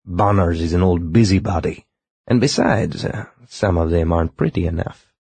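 A man's voice: low-pitched, normal speed, gravelly, darkish tone, slightly rough, no room sound, heavily acted. A man voicing a courtly, flirtatious alien man in an audiobook, suave and gallant.

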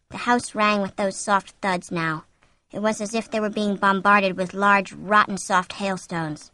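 A woman narrating a story in steady scripted narration, drawing out tense moments. Her voice is bright and forceful, recorded close and completely dry. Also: medium pitch, no echo. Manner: steady storytelling, slowing for tension. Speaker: audiobook narrator.

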